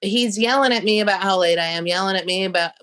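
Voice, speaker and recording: Fast and smooth, with a mid-range pitch, a young female comedian shares a story as a guest on a talk show. The chat is casual and profane, and she animatedly performs the quoted voices of the people involved.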